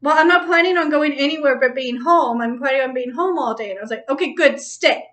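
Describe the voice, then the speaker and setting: A woman's voice: sits high, quick pace, fairly bright tone. A woman hosting a casual chat, telling a story with frequent laughter and free swearing. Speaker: host.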